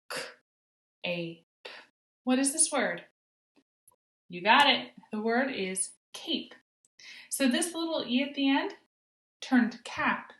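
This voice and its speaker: A woman teaching a phonics lesson to young children, sounding out letters slowly and praising often. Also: medium pitch, a bit bright, echoey room. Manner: encouraging, sing-song praise, slow sounding out of letters. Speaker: kindergarten teacher.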